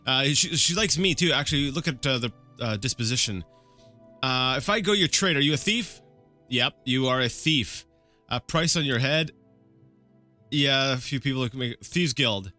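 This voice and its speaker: A man's voice: mid-range voice, moderate pace, sharp tone, soft background music. A man giving casual let's-play commentary, rambling and correcting himself with plenty of fillers and restarts. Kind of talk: casual live gameplay commentary.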